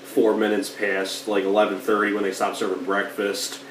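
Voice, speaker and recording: A man talks through a film review in a loose, rambling way, full of filler words, with the odd cough from allergies. His voice sits on the low side. The mic is set well back in a roomy space, with a faint hiss underneath. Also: monotone, moderate pace, a bit bright, recorded from a distance. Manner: rambling, lots of "like" and "you know". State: getting over allergies, coughing. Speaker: movie reviewer.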